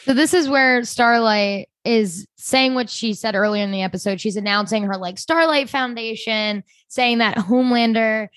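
A woman's voice: a little high, moderate pace, few pauses, a bit bright, dry recording. A woman co-hosting a podcast, chatting casually about a show. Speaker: podcast co-host. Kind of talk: casual recap chat.

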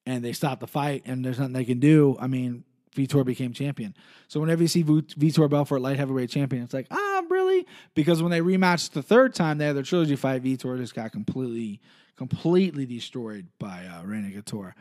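A man's voice: mid-range voice, brisk, darkish tone. A young man hosting a solo podcast, rambling and swearing casually, correcting himself as he goes. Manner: rambling, profane, self-correcting. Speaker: podcast host.

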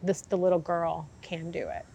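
A woman's voice: lowish voice, steady tone, normal speed, dark tone, a little hiss or hum. A woman horse trainer being interviewed, telling her story candidly and acting out what people said. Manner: candid storytelling, acts out quotes. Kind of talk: conversational interview.

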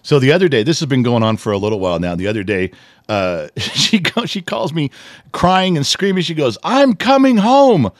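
A middle-aged man co-hosting a casual podcast, telling a family story with lively, animated delivery and acting out what others said. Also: mid-range voice, a little fast, no room sound, clean studio sound. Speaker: podcast co-host. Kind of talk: casual chat.

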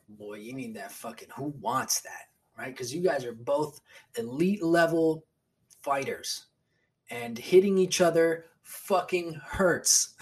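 Husky guy rambling on his solo podcast, swears a ton, keeps restarting. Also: a little high. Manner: rambling, profane, restarts a lot. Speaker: podcast host. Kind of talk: solo casual chat.

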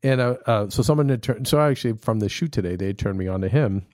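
Guy cohosting a podcast, rambly, mid pitch, dry close sound. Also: expressive, quick pace, darkish tone, dry recording. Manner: rambling, many restarts and fillers. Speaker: podcast co-host. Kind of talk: casual chat.

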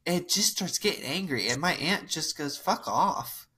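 Very low, husky-voiced woman telling stories. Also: animated, sharp tone. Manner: wry, amused storyteller, drawn-out asides. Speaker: podcast co-host. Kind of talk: casual chat, telling a family story.

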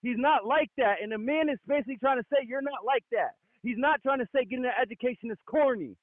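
A man's voice: very high voice, fast talker, no room sound, phone-quality sound. A man co-hosting a boxing podcast, arguing hard, swearing a lot and refusing to be cut off. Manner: insistent, swears a lot, cuts off rebuttals. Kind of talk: heated debate, profane.

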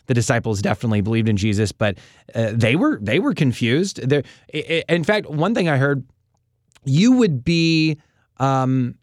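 A man in casual conversation who talks haltingly, with many restarts and fillers. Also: mid-range voice, big pitch swings, darkish tone, dry recording, clean studio sound. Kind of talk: casual faith discussion.

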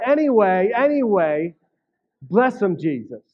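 A man with a notably high voice gives a casual, conversational sermon as a pastor. He keeps checking in with his listeners and repeats words as he gets going. The recording is slightly dull and lo-fi. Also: sing-song, measured pace. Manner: conversational, frequent "right?" and "okay?" asides; repeats words when starting phrases.

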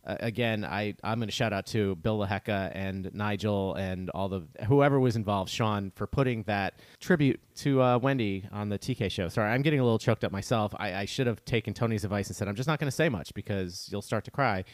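A man's voice: fairly low pitch, fairly quick, hardly any pauses, no echo. Chatty man podcast co-host. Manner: chatty, rambling, emotional. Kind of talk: casual podcast chat.

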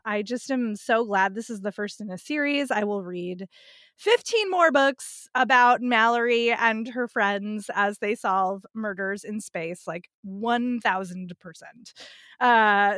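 A woman's voice: mid-range voice, a bit bright, no room sound, clean studio sound. A woman co-hosting a book podcast, gushing about a novel in casual chat and repeating her points for emphasis. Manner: enthusiastic, emphatic repetition. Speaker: podcast co-host.

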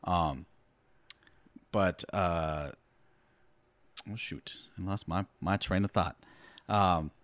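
A man's voice: sits low, extremely slow, pauses often, fairly bright tone, no room sound. A man talking as a podcast guest about his first novel, rambling casually and laughing often between thoughts. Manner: rambling, laughs often, slips into imitated accents. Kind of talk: casual chat.

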